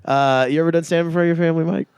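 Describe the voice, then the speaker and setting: Easygoing podcast cohost from alabama, smooth clear voice kinda high. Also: male voice, steady tone, very fast, a little mellow, dry recording. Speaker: podcast co-host. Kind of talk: casual podcast chat.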